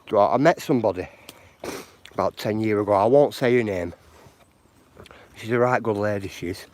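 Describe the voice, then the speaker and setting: A man's voice: on the low side, fairly quick, a little mellow. A man chatting outdoors on a live walk, rambling and encouraging, with lots of "you know". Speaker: walking vlogger. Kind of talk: live walking chat. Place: outdoors on footpaths.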